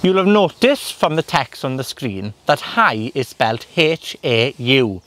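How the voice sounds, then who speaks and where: A Welsh man with a Welsh accent giving a gardening lesson in a polytunnel, speaking slowly and repeating words for learners. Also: mid-range voice, very animated, fairly bright tone, dry recording. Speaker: gardening and language teacher. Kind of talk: bilingual outdoor lesson.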